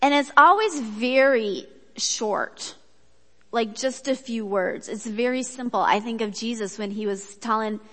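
Woman, high voice, sermon, chatty, animated, echoey hall. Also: measured pace. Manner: chatty and animated, acts out quotes. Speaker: speaker at a church gathering. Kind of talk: sermon with personal story.

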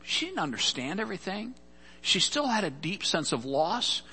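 A man's voice: high voice, very animated, moderate pace, sharp tone, slightly rough, big-room sound. A man preaching a sermon, telling a scripture story earnestly and often repeating words as he goes. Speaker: pastor.

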